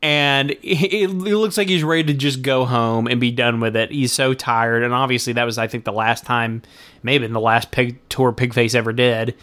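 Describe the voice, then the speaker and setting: A man's voice: mid-range voice, steady tone, moderate pace, a bit bright. A man co-hosting a podcast, chatting casually in an easygoing way with lots of fillers. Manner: easygoing, filler-heavy talk. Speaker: podcast co-host. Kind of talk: casual chat.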